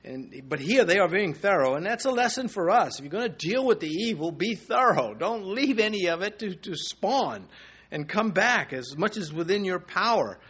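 A middle-aged man gives a relaxed, verse-by-verse Bible lesson, his voice sitting a little high for a man. He reads scripture steadily and then slips into easygoing commentary, full of fillers and restarts. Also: moderate pace, husky. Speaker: Bible teacher.

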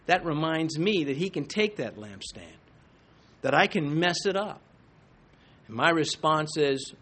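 A man with a high-pitched voice preaches a sermon from a church sanctuary. He quotes scripture with forceful, building intensity, pressing his points hard before easing back into plain talk. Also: expressive, moderate pace, breathy edge. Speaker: pastor.

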